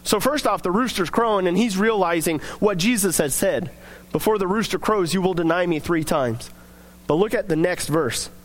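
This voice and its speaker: A man's voice: sits high, normal speed. A man preaching a sermon, reading scripture aloud and then explaining it in plain, earnest words.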